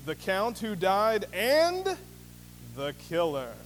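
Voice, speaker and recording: A man voicing a stern male inspector who slowly accuses the suspects in a told story. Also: sits high, huge pitch swings, big-room sound, slight background noise, exaggerated voice. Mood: triumphant.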